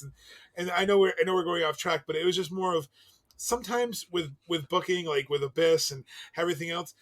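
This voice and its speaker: Bright-voiced, animated podcast co-host man. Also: a little high. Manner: animated, laughs often, swears. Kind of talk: casual wrestling podcast chat.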